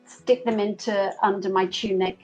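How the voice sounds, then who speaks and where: A woman speaking as a player in a tabletop game in a halting, unhurried way. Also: mid-range voice, steady tone, a little mellow, faint music behind, rough recording.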